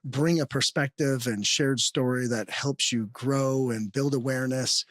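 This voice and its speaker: A man's voice: mid-range voice, steady tone, measured pace, fairly bright tone, no room sound, clean studio sound. A man hosting a podcast, talking in an easygoing way with many fillers. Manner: easygoing, filler-laden delivery. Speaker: podcast host. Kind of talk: podcast chat and outro.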